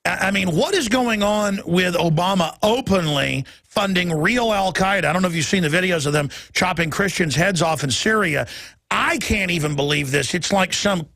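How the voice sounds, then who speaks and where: A man hosting a talk radio show, talking urgently and quickly with stumbling restarts. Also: high voice, vocal fry, fairly bright tone, no echo.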